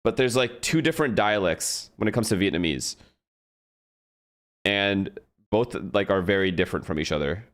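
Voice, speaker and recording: A man's voice: lowish voice, moderate pace. A man in casual, rambling chat, hosting a watch party and talking to his stream chat; his first language is Gujarati. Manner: rambling, animated, swears casually.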